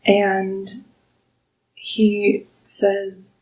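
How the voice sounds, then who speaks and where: Unhurried woman narrating a game. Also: medium pitch, steady tone, recorded from a distance, poor audio. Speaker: game master.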